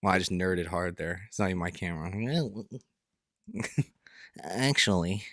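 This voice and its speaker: Low-voiced young man rambling casually. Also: completely flat delivery, fast talker, fairly bright tone, no echo, studio quality. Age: young adult. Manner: rambling, hesitant, many restarts and fillers. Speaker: podcast co-host. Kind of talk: casual chat.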